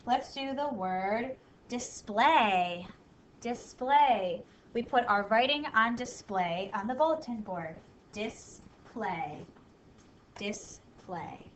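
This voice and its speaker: A woman teacher giving a spelling lesson to children, upbeat, sounding words out slowly. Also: fairly high pitch, animated. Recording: echoey room from a distance, faint noise.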